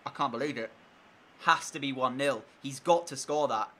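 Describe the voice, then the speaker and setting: A young man giving live commentary over his own video game match, switching between steady play-by-play and loud, frustrated outbursts. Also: mid-range voice, normal speed. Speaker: gaming YouTuber.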